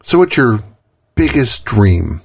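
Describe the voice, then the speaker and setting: A male podcast host puts short, upbeat questions to his guest. His voice is expressive and rises and falls a lot. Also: mid-range voice, slow pace, creaky, breathy edge. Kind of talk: interview questions.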